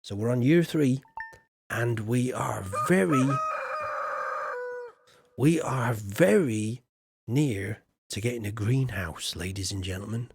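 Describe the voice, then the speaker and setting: A man's voice: medium pitch, takes it slowly, vocal fry, pauses often, noisy background. A man with a Yorkshire accent chatting casually and jokily to his viewers while playing a game. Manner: chatty, jokey, banters with chat, slips into put-on voices. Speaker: streamer. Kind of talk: casual game-stream chat.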